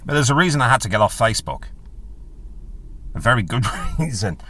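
A man hosts his own podcast in a loose, rambling chat full of jokes and asides. His pitch is of middling height but swings widely as he talks. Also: fairly quick. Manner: rambling, chatty and jokey, with animated pitch jumps. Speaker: podcast host. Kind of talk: casual solo podcast chat.

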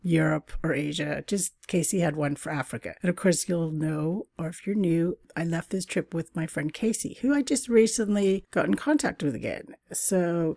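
Bubbly middle-aged woman with a gravelly voice. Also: on the low side, darkish tone, no room sound, clean studio sound. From Canada. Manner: bubbly and chatty, laughs often. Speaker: podcast host. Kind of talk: casual travel podcast chat.

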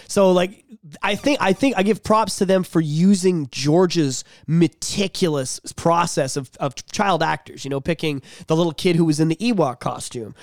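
Excitable high-voiced man chatting. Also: no echo, studio quality. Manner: excitable, swears a lot, acts out scenes in voices. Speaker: podcast host. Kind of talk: casual chat.

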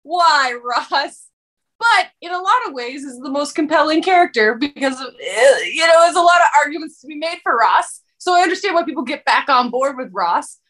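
A young woman with a notably high voice chats casually as a co-host. She rambles in an animated, jokey way and slips into acted-out quotes. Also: a little fast, hardly any pauses. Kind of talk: casual chat.

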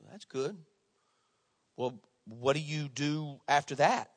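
A deadpan rabbi in a spoken joke keeps asking what comes next in a dry, prodding way, as a preacher puts him on. The voice sits fairly high, close and dry. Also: male voice, slow, no echo.

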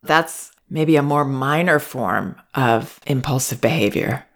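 A woman with a notably low voice talks through parenting advice. Her delivery is calm and measured. Now and then she gently voices what a parent or child might say. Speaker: parenting advisor.

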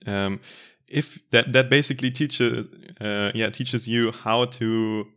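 A man in casual conversation, reflective and earnest, filling pauses with "like" and "uh". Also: mid-range voice, steady tone, a bit bright, clear, resonant tone. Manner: reflective, earnest, uses fillers like "like" and "uh". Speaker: conversation partner. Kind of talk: casual chat.

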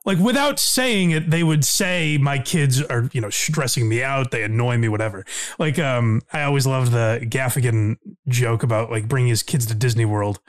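A man co-hosting a podcast and talking casually with a quick, animated delivery full of fillers. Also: mid-range voice. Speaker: podcast co-host.

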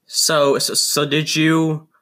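A man's voice: a little high, little pitch movement, slow pace, sharp tone. A man hosting a podcast, asking casual interview questions with stammering restarts. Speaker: podcast host.

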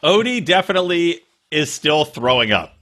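A man's voice: a little high, very animated, normal speed, pushed and bright. A middle-aged man co-hosting a podcast, rambling through crude anecdotes and laughing often in casual chat. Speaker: podcast co-host.

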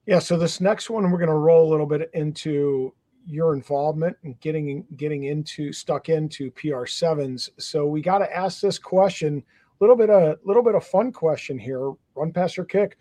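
A man co-hosting a podcast, asking questions in a measured way with many fillers. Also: on the high side, dark tone, no echo. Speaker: podcast co-host.

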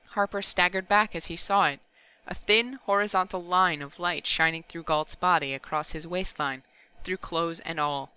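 Brief: woman narrator, measured storytelling, smooth crisp voice, slightly muffled home recording. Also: lowish voice, fairly even intonation, sharp tone. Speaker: audiobook narrator. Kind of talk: scripted narration.

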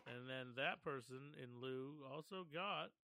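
A man's voice: medium pitch, unhurried, sharp tone, slight background noise. A man co-hosting a podcast, talking casually in a rambling, self-doubting way with frequent laughter. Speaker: podcast co-host. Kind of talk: casual stoned banter.

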